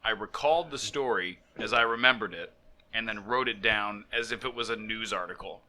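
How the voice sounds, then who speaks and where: A man's voice: lowish voice, fairly quick, pushed and bright, a little hiss or hum. A man co-hosting a podcast in casual chat, joking and laughing as he tells stories. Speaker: podcast co-host. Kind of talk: casual chat and reading a mock news story. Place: living in Florida.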